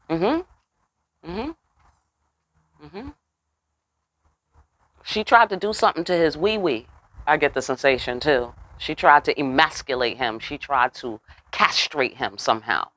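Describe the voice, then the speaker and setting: A woman's voice: no echo, low-quality recording. A woman giving a casual tarot reading, cursing freely, throwing in slang and often asking the listener if they get what she means. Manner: profane, slangy, keeps checking in with the listener; swoops high and loud for emphasis. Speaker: tarot reader.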